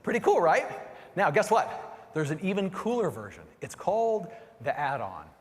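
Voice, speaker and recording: Middle-aged man, keynote speaker, energetic, animated delivery, keeps checking in with the crowd, long hall reverb. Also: high-pitched, moderate pace, a little hiss or hum. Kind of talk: motivational keynote presentation. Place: large conference hall.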